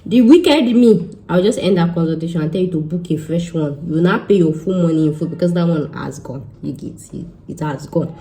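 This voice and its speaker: A young Nigerian woman speaks in a low, warm, mellow voice. She talks to her followers with animated emphasis as an immigration consultant, slipping Yoruba phrases into her English. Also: fast, hardly any pauses, rough recording. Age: young adult. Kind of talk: casual monologue to followers.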